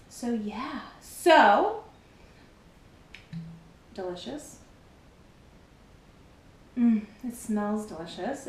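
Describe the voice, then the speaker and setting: A woman's voice: fairly high pitch, reverberant. A woman chatting casually to camera as she reviews a scotch, giggly and playful, rambling with lots of "like"s. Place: at home, wearing a robe.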